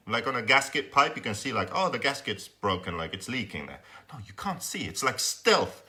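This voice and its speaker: A young man hosts a live workshop stream in a very bright, forceful voice. He talks casually and swears freely. When he acts out his own frustration, his pitch jumps around and he gets loud. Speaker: host of a live workshop show.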